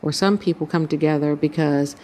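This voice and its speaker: A woman's voice: deep voice, fairly even intonation, fairly quick, dark tone. A woman hosting her channel, earnestly recounting a dream as spiritual testimony and acting out the voices in it. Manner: earnest storytelling, acts out quoted voices.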